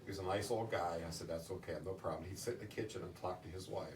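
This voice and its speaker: Middle-aged man, low voice, halting storytelling, roomy distant sound, slight hiss. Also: fairly even intonation. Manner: halting, with many restarts and fillers. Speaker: interviewee. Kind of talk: casual storytelling in an interview. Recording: distant roomy recording with faint noise.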